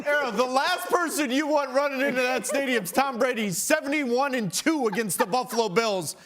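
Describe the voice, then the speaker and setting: A man's voice: extremely high pitch, brisk, a bit bright. A man co-hosting a sports panel, teasing the guest and cutting in. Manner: teasing, interjecting. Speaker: panel co-host. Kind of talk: casual sports banter.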